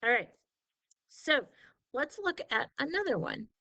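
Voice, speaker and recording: A woman's voice: high voice, sing-song, unhurried, creaky, bright, forceful tone, dry recording, low-quality recording. A woman tutoring spelling in a patient phonics lesson, drawing out vowel sounds and asking questions she then answers herself. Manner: asks leading questions and answers them herself.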